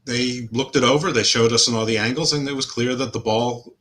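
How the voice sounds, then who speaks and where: A man's voice: mid-range voice, fairly even intonation, a little fast, fairly bright tone. A middle-aged man co-hosting a sports podcast, talking casually and with opinions, rambling with fillers and restarts. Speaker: podcast co-host.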